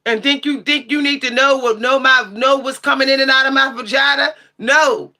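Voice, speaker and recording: Sassy woman streamer ranting at her chat, high bright voice, cussing and yelling sometimes. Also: fairly even intonation, normal speed. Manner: sassy, blunt, profane, shouts at times. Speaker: livestream tarot channel host. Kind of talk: heated livestream rant answering chat.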